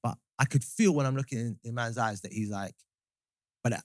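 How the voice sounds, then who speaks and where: Fast-talking man with a Southampton accent. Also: mid-range voice, dry recording, clean studio sound. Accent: Southampton English. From England. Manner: animated storyteller, acts out quotes, repeats words when starting. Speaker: guest singer. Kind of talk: casual podcast chat.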